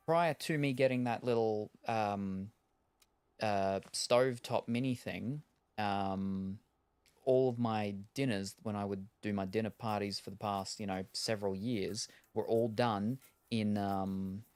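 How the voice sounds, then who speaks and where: A man's voice: on the low side, a little mellow, no room sound. A man streaming a game, chatting casually and thinking aloud, with lots of fillers and restarts. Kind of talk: casual chat while gaming.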